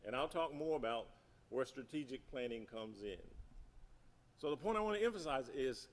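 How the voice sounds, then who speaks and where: A middle-aged man giving an emphatic teaching talk at a seminary gathering, repeating key points and asking the audience questions. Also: medium pitch. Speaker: speaker at a seminary symposium. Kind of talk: teaching talk on church projects.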